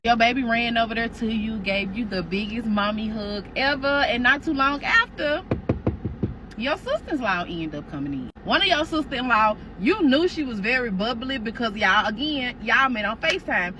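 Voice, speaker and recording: A woman's voice: on the high side, lively intonation, moderate pace, background noise. A woman telling a story in a casual, slangy, profane way, speaking to the listener as "you".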